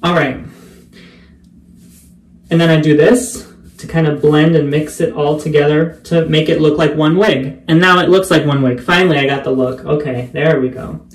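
A man vlogging casually while getting ready, chatty and playful, often dropping into quiet muttered asides. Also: on the high side, fairly even intonation, normal speed. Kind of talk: casual get-ready-with-me vlog.

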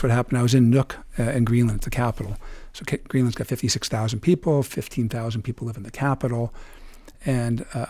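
A man, a podcast guest, telling an animated story, acting out the dialogue with laughs and sound effects. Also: medium pitch, vocal fry, breathy edge.

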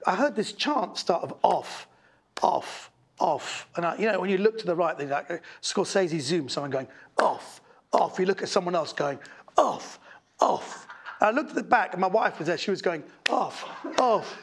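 A man with a high, husky, gravelly voice telling a story with animation. His pitch swings widely as he imitates a chanting crowd. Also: expressive, fast talker, few pauses. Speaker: comedian. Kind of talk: documentary interview.

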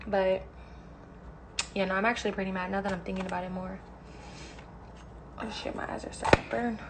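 A woman's voice: medium pitch, level tone, brisk. Young woman ranting and swearing while cooking in her kitchen, live off her phone, lots of noise behind her. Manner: blunt, profane, ranting. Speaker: livestreamer. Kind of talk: casual livestream chat while cooking. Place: home kitchen. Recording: noisy phone livestream.

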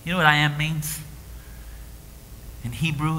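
A man preaching a sermon, swinging between hushed whispers and shouted declarations, recorded live in a church. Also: on the high side, normal speed, long pauses, slight background noise. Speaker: pastor. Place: church sanctuary. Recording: live church stream with long hall reverb.

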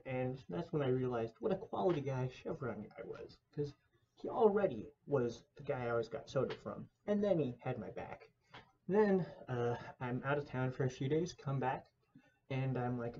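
A man's voice: mid-range voice, moderate pace, a little mellow, muffled recording, a little hiss or hum. A young man telling a rambling story to camera, casual and mock-dramatic, with lots of fillers.

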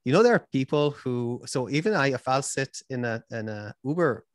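A man's voice: medium pitch, lively intonation, normal speed, no room sound, studio quality. A young man with a mixed Canadian, British and Israeli accent, chatting and rambling a little as a podcast host being interviewed. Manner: rambling, self-deprecating, chatty. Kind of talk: casual interview conversation.

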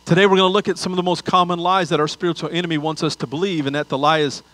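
A man's voice: a little high, fairly even intonation, very fast, few pauses, fairly bright tone, no room sound, low-quality recording. A man preaching a sermon as pastor, telling a funny story with asides before turning to scripture.

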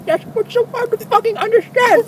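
Squeaky, touchy schoolboy customer. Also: male voice, expressive, brisk, darkish tone. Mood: irritated. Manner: insists the odd voice is his real accent. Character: squeaky-voiced young male customer, touchy and foul-mouthed. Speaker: prank caller. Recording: phone call with background noise.

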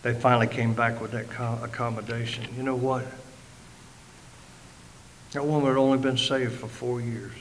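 A man's voice: medium pitch, level tone, normal speed, long pauses, slight background noise, poor audio. An older man and ordained minister preaching passionately to a live audience, telling a story with emphasis and acting out the quoted voices. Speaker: guest speaker and ordained minister.

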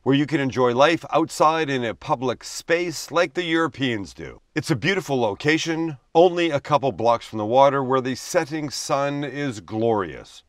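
A man's voice: medium pitch, expressive, normal speed, few pauses, no room sound. A man hosts a cooking show with voice-over narration. His humor is dry and self-deprecating, and his voice sits in a middle range. The recording is close and dry, with no room sound.

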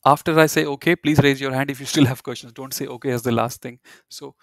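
A man's voice: mid-range voice, steady tone, fast talker, no room sound. Chatty man teaching a language class. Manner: conversational, many fillers and restarts. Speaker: German teacher. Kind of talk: online class lecture.

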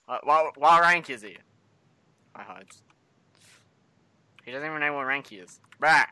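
A man's voice: a little high, unhurried, bright, forceful tone, clean tone, no echo. A young Australian man hosting a joking mock interview over game voice chat, swearing constantly and rambling between questions. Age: young adult. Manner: crude, swearing, rambling and teasing. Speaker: gaming video host.

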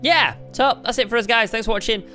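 A man hosting a casual building-game video, playful and excitable, joking about himself. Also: extremely high pitch, fast, soft background music. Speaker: YouTube host. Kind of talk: casual let's-play chat.

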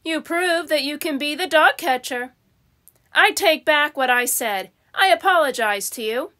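Storybook: woman reading formal town mayor man, measured, bright high voice. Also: lively intonation, heavily acted. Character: small-town male mayor, grown man, proud.

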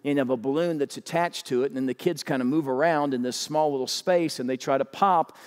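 A man preaching a sermon as pastor, animated and urging his congregation to respond. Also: a little fast. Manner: animated, urging the crowd with rising pitch. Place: large church auditorium. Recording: long hall reverb.

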